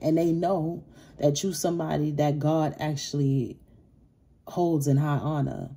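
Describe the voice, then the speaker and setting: A woman's voice: low-pitched, steady tone, measured pace, dark tone, slightly rough. Blunt, profane woman reading tarot. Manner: blunt, profane, heated, mimics others in raised voice. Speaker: tarot reader.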